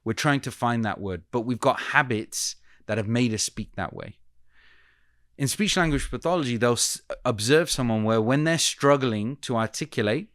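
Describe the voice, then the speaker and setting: A man with a British accent, a communication coach explaining points in a measured, coaching way during an interview. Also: mid-range voice, expressive, a bit bright, no room sound, studio quality. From United Kingdom. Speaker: communication coach, podcast guest. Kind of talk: casual interview chat.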